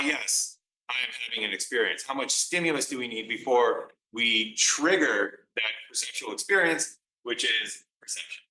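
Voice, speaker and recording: A man lectures on psychology with a very bright, sharp voice, walking through examples and voicing the replies himself. He sits back from the mic, and the room rings around him. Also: medium pitch, roomy sound, recorded from a distance, poor audio. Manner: explanatory, acts out examples with quoted replies. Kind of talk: recorded lecture.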